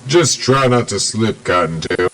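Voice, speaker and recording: A man's voice: fairly low pitch, expressive, a little slow, fairly bright tone, recorded from a distance. A man voicing a bossy male animatronic band leader who gives orders in a commanding tone. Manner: commanding, orders others around.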